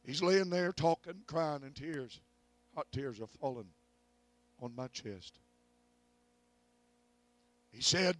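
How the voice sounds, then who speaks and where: A middle-aged evangelist preaching at a revival, telling a family story and rising to loud peaks of faith. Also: male voice, fairly high pitch, takes it slowly, long pauses, dry recording. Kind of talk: revival sermon. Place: church.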